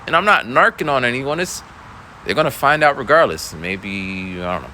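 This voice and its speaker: Laid-back man with a lively voice. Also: mid-range voice, moderate pace, slight background noise, rough recording. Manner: laid-back, rambling, with many fillers. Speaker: schoolteacher. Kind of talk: casual storytelling vlog.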